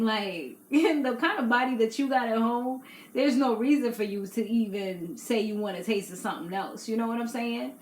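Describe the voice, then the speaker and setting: A woman's voice: fairly high pitch, fairly quick. Chatty opinionated young woman, echoey room. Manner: chatty, opinionated, laughs often. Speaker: YouTube recap host. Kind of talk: casual reality TV recap. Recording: echoey room with faint noise.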